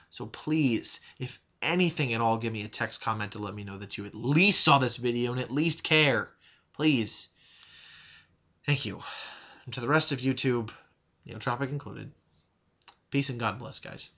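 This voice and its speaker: A man's voice: medium pitch, normal speed, pauses often, sharp tone, lo-fi sound. A man making a direct-to-camera video response, earnest and pleading, openly aggravated at the person he addresses. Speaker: YouTube video maker.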